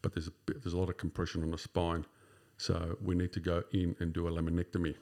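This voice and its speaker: A man's voice: deep voice, completely flat delivery, fast talker, darkish tone. An Australian man in his fifties, a podcast guest telling his own story in a casual, rambling way with many fillers. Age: 50s. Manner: rambling, full of "sort of" and "you know" fillers.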